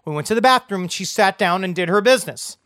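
A man co-hosting a casual comedy podcast, reading listener emails aloud with animated storytelling and swearing. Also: high voice, fast talker, dry recording, clean studio sound.

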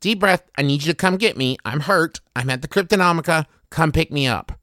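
An injured young woman who barks urgent orders, played by a man. Her voice is bright and dry, and her talk stays clipped and commanding. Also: on the high side, fairly quick, dry recording, voice pushed up. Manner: bossy, urgent.

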